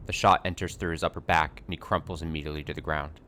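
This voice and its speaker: A low-voiced man streams a story game and reads its text aloud. Between passages he reacts with blunt swearing. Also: fairly even intonation, fast, sharp tone, a little hiss or hum. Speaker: let's play streamer.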